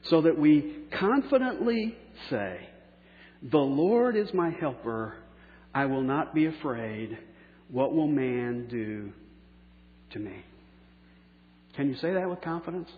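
A pastor preaching a sermon, slowing down for key phrases and letting line endings trail off softly. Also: male voice, fairly high pitch, lively intonation. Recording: echoey hall on a tinny phone-like line.

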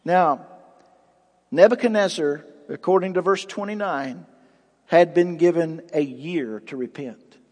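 A man's voice: fairly high pitch, a little slow, darkish tone. A man preaching a sermon as pastor, reading scripture aloud with dramatic rises and drops. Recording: long hall reverb.

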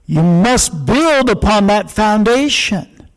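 A man's voice: sits high, animated, takes it slowly, rough recording. A male pastor preaching a sermon in emphatic, repeated short declarations.

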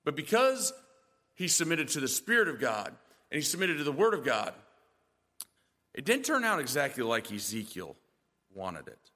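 A man's voice: on the high side, sing-song, moderate pace, long pauses, pushed and bright, in a large hall. A male pastor preaching a sermon in a church, emphatic and full of rhetorical questions.

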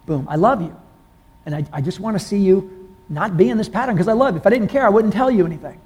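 High-voiced man preaching conversationally. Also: quick pace, breathy edge. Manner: conversational preaching, asks the congregation questions, rises in pitch when excited. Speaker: pastor. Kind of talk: sermon. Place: church room with congregation.

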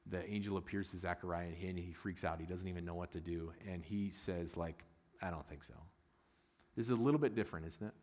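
Low-voiced male pastor in a reverberant hall. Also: fast, few pauses. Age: middle-aged. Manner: conversational and humorous, rising to loud excited bursts. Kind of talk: sermon.

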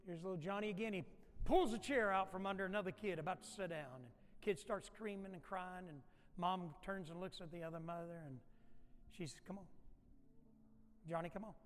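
High-voiced preacher in an echoing sanctuary. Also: male voice, fairly quick. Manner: emphatic and repetitive, dropping to soft, quiet passages. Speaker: pastor. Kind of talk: sermon. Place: church sanctuary. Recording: echoey church sanctuary.

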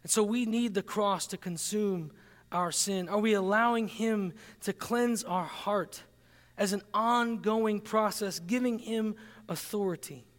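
High-voiced man preaching in a hall. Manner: earnest, emphatic preaching with slow, stressed key phrases. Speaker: pastor. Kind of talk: sermon.

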